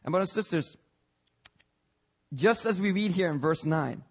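A man's voice: sits high, expressive, normal speed, husky. A young man preaching a fervent church sermon, often breaking in with "hallelujah" in a sanctuary.

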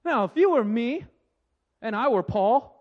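A man preaching a sermon with jokes, moving between lively storytelling and hushed, slow reflection. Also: very high-pitched. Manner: animated and joking, then hushed and reflective. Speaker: pastor. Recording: dull lo-fi sound.

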